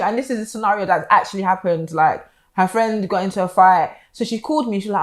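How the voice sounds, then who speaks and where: A young woman, a podcast co-host and mother chatting casually and telling animated stories about her daughter. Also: medium pitch, quick pace. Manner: animated storytelling, acts out her daughter's lines. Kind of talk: casual chat.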